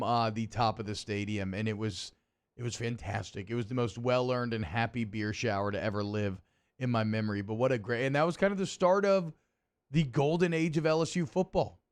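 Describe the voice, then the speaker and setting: A man's voice: medium pitch, moderate pace. A man from Atlanta hosting a sports radio show, chatting and reminiscing in an upbeat way. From Atlanta, USA. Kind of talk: casual sports radio chat.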